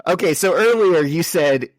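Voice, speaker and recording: A man's voice: a little high, no room sound, studio quality. Man co-hosting a comic book podcast. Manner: joking, summarizes plot and reads out dialogue. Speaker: podcast co-host. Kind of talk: casual comic book discussion.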